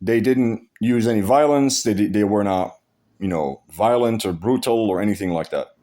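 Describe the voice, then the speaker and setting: A man's voice: lowish voice, moderate pace, dark tone. Blunt, profane man telling a story. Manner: restarts and repeats phrases. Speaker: vlogger. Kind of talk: casual vlog monologue.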